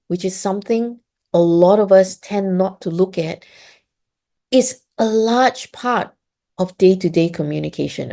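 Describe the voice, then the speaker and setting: A woman's voice: on the low side, creaky, mellow. A woman presenting a webinar on supporting children, explaining step by step and often checking in with "okay?". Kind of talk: webinar talk.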